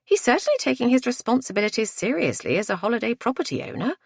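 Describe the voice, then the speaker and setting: A woman voicing a posh, brisk woman who fusses in an audiobook. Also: fairly high pitch, sing-song, creaky, breathy edge, dry recording, clean studio sound, voice pushed up, exaggerated voice. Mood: fussy.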